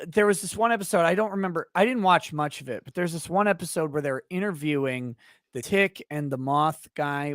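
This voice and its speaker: A man's voice: fairly high pitch, fairly bright tone, no echo, studio quality. A man hosting a live-stream interview, chatting casually, laughing often and reading out viewer comments. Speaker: host.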